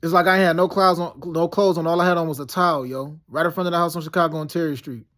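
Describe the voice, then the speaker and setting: A man's voice: a little high, fairly even intonation, fast talker, fairly bright tone. A man in his thirties telling a long, meandering story in a casual monologue, heavy on slang, fillers and restarts. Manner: slangy, peppered with "yo" and "you know what I'm saying". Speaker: vlogger recounting dreams and past events.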